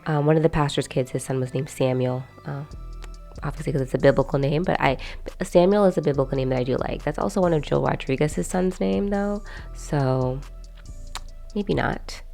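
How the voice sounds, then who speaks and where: Young female vlogger, low and gravelly, loose chatty rambling delivery. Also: moderate pace, mellow, faint music behind. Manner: rambling and chatty, many fillers and asides. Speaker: video host. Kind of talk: casual chat to camera.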